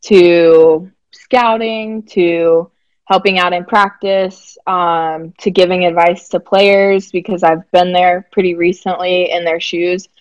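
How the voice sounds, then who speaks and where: An easygoing young woman from Alabama talks casually, with a faint Southern twang worn down by years away. Her voice sits a little low for a woman, and the recording is close and dry with almost no room sound. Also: steady tone, slow, no room sound, lo-fi sound. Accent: faint Southern US, softened toward West Coast. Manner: easygoing, chatty, laughs lightly. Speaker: guest, basketball player development director. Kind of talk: casual interview chat.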